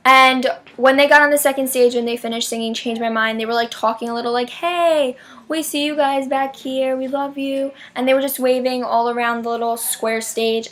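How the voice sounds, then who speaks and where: A young woman vloggs to camera about a concert with breathless fan excitement. Her voice sits a bit high, and she keeps filling her sentences with "like". Now and then she jumps into loud squealing bursts. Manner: gushing fan, shrieks names in high bursts; heavy "like" filler, chatty and dramatic. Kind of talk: excited casual vlog storytelling.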